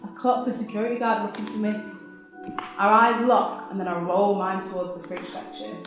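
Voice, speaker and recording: A woman's voice: medium pitch, fairly quick. Woman in a wry one-woman stage monologue. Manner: wry, lively storytelling with laughs. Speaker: solo stage performer. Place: theatre stage. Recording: echoey theatre with faint music.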